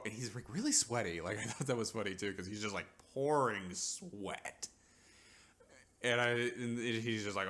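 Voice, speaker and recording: The voice is a man's, a bit bright and fairly low in pitch, recapping a TV episode as a vlogger in an offhand, wandering rant. Filler words pile up as he pokes fun at characters through brief quoted lines.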